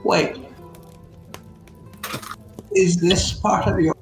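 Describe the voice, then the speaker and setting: A man voicing a very old, fussy shopkeeper woman who counts slowly in a shrill voice. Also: level tone, vocal fry, faint music behind, full character voice.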